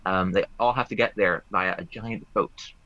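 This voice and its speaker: A low-voiced man presents puzzles in a rambling, playfully deadpan way, his tone bright and forceful. He comes through a muffled, lo-fi remote call. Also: moderate pace, no echo. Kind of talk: joking puzzle game on a talk show.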